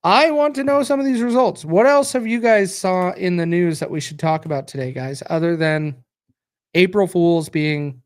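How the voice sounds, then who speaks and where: Tired, rambling American man, fairly high voice. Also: moderate pace. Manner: rambling, reacts aloud to results and chat. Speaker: podcast host. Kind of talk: casual live-stream chat reading viewer comments.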